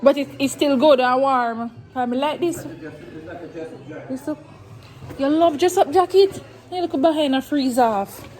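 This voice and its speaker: A woman's voice: high voice, unhurried, pauses often, a little mellow. A woman vlogging casually at home, playful and teasing, laughing often. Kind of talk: casual home vlog chat. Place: home during a snowstorm.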